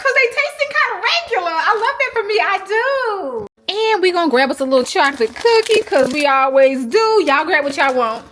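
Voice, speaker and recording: A young woman chats to her viewers in a high, bright voice. Her pitch swings widely as she talks, and she speaks. The talk is casual vlog chatter. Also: slight background noise. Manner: chatty, animated, says "y'all" often. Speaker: lifestyle vlogger.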